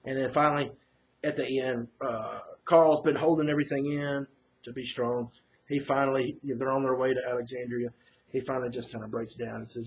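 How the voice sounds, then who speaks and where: A man's voice: medium pitch, flat delivery, brisk. Rambling man recapping a comic. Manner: rambling, filler-heavy retelling. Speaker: comic book reviewer. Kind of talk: casual first-reaction recap.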